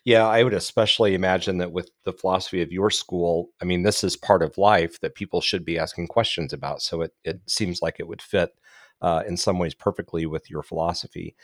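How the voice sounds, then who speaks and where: A man's voice: deep voice, fairly even intonation, a little fast, no room sound, clean studio sound. A man hosting a podcast interview, asking long questions with many restarts. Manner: hesitant, many restarts and fillers. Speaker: podcast host.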